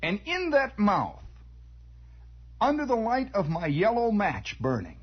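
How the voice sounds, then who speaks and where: A Midwestern American man telling a story on the radio in a dramatic monologue, hushing for suspense, on a dull lo-fi 1960s broadcast. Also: sits high, a little slow, husky. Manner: animated, dramatic, drops to hushed tones for suspense.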